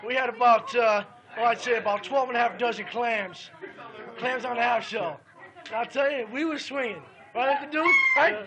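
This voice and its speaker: A man's voice: very high voice, moderate pace, crowd noise. A man bragging and joshing with his uncle at a party, recorded on a 1960s home tape. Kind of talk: boastful party banter.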